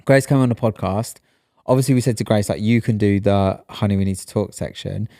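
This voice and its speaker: Podcast co-host, man, fairly low voice, reassuring and explanatory, dry close sound. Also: fairly quick, dark tone, no echo. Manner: reassuring, explains things in context. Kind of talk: casual chat.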